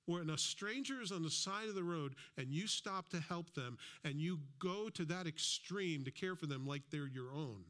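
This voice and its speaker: A man's voice: on the high side, moderate pace, hardly any pauses, a bit bright. A man preaching a sermon as a pastor, in a conversational style with asides and acted-out quotes. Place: church.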